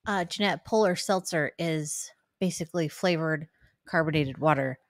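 A woman's voice: deep voice, moderate pace, dry recording, studio quality. A woman co-hosting a casual recovery stream, playful and giggling. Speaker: podcast co-host. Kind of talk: casual chat.

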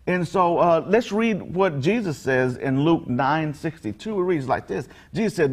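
A male pastor speaks a brief daily message in a slightly higher-than-usual voice. His delivery is conversational and earnest, full of fillers and restarts. He leans into rhythmic, emphatic phrases. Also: expressive, unhurried, darkish tone. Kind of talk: short daily devotional message.

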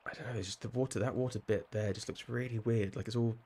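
A man's voice: mid-range voice, steady tone, fast, dark tone, breathy edge. A man with a southern English accent, chatting casually with viewers while playing a game on a live stream, rambling and laughing often. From southern England.

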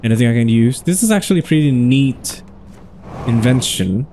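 Mellow-voiced man musing through a game. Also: mid-range voice, lively intonation, moderate pace, slight background noise. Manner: musing, chatty, thinks aloud. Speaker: gaming channel host. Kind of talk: casual let's-play commentary.

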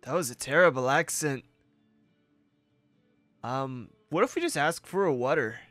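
Sleepy, rambling young gaming commentator. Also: male voice, medium pitch, lively intonation, measured pace, fairly bright tone, no room sound, faint music behind. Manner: rambling, casual, swears a lot. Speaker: gaming video host. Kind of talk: casual let's-play commentary.

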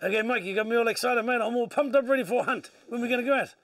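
A man's voice: extremely high pitch, racing, a bit bright, dry recording, distant mic. A man hosting a hunting show, teasing his friends in casual banter. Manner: jokey, teasing. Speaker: host.

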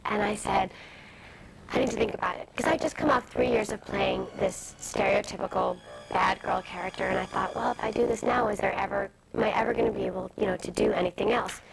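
A woman in her twenties telling stories as an interview guest, fast and animated, with many asides. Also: medium pitch, gravelly. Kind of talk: candid storytelling interview. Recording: noisy early-2000s TV broadcast audio.

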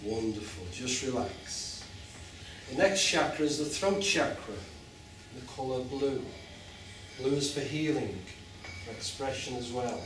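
A man leads a live group through a guided chakra meditation, talking in slow, soothing instructions and drawing out long chanted tones. He is picked up from far off in a large, very echoey room. A faint hiss of noise sits under his voice. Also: medium pitch, lively intonation. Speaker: meditation teacher.

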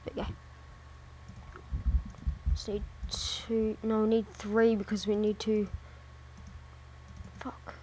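A woman in the middle of her register drawls through her gameplay, narrating each step and swearing under her breath whenever things go wrong. The recording carries a clear layer of background noise. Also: medium pitch, flat delivery, slow pace, pauses often, darkish tone. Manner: mutters to herself and swears often while playing. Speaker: gameplay commentator. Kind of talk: casual let's-play commentary.

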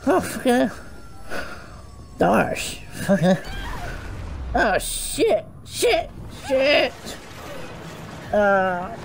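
High, lively man swearing through a game. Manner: constant swearing, shouting and panicked yelps. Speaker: gaming streamer. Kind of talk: gaming commentary. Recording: noisy, with game sounds behind. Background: game sounds.

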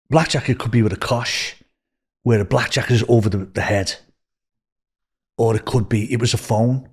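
An older man with a Liverpool accent, telling rambling, animated anecdotes as a podcast guest. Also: medium pitch, husky. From Liverpool, England. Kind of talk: casual storytelling.

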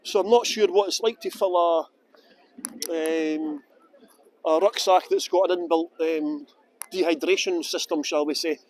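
A man's voice: on the high side, fairly even intonation, a little slow, darkish tone, slight background noise. A Scottish man working as a tour guide, chatting casually and rambling on a phone livestream outdoors in the sun. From Scotland. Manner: rambling, chatty, answers viewer questions with fillers. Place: outdoors in sunny town streets. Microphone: phone held by hand.

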